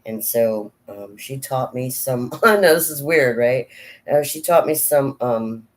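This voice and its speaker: A woman's voice: extremely low pitch, animated, a little slow. A woman vlogger talking casually and frankly, rambling between thoughts and often laughing at herself. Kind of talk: casual personal chat.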